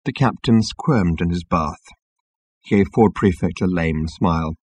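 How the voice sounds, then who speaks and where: A man narrating a story in a wry, lively manner. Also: low-pitched, unhurried, husky, no echo. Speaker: audiobook narrator. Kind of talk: scripted narration.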